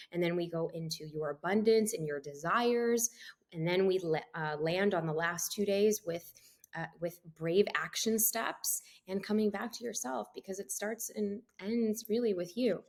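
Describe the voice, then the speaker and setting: A middle-aged woman, a guest author, telling a personal story in a podcast interview with animated delivery and frequent laughter. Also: fairly low pitch.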